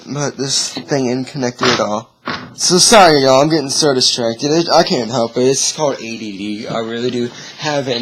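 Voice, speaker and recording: A man's voice: medium pitch, noisy background. A man vlogging, telling a long story in a rambling, easily sidetracked way with chuckles. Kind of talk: casual storytelling.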